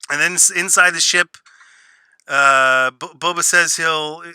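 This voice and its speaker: A man's voice: fairly high pitch, steady tone, measured pace, bright, forceful tone, smooth, no room sound. A man ranting sarcastically through a spoiler review, exasperated and mocking what he reviews. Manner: sarcastic, exasperated, mocks lines in put-on voices. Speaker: show reviewer.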